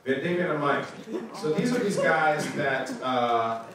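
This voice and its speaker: A man in his thirties telling stories to students in a casual talk, animated and laughing often as he goes. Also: on the high side, unhurried, a crowd in the background. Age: 30s. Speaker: guest speaker. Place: school auditorium. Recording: echoey hall, voice picked up from far off.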